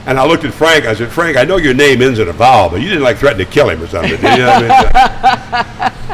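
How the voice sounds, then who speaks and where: An older man talking as a guest, spinning chatty, animated anecdotes with frequent stammered restarts. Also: mid-range voice, a little fast, noisy background. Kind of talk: casual storytelling. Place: studio.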